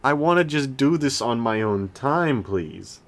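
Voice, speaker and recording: A young man co-hosting a casual podcast chat, rambling with lots of restarts and animated rants. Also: medium pitch, a little slow. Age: young adult. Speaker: podcast co-host.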